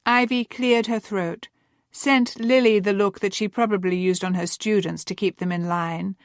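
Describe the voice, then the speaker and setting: A woman narrating a romance novel as an audiobook, calm and measured. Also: on the low side, dry recording, studio quality. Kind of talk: scripted narration.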